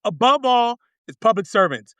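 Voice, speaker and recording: Man, congressional candidate, passionate, repeats himself, bright tense tone. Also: very high-pitched, lively intonation, moderate pace, clear, resonant tone, no echo. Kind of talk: fired-up casual talk.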